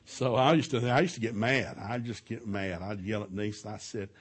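A middle-aged man giving a preaching talk at a marriage seminar in a church, telling stories with lively shouted quotes and frequent chuckles. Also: fairly low pitch, moderate pace. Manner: animated storytelling, shouts out quoted lines, chuckles often. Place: church hall, live session.

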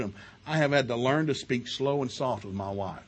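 A middle-aged man preaches a sermon at a marriage seminar at normal speed, loud and animated, with big leaps in pitch and volume. He tells folksy family stories between scripture readings and laughs at his own tales.

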